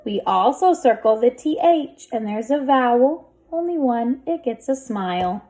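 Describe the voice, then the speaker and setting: A woman teaching a phonics reading lesson, slowly sounding out words one part at a time. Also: on the high side, lively intonation, dark tone. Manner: slow, sound-by-sound blending of words.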